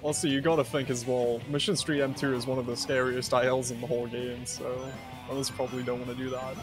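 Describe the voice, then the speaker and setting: Fast-talking man analysing a live match. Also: medium pitch, level tone, over music. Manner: analytical, points out options and strategy. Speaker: co-commentator. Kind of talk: live speedrun commentary.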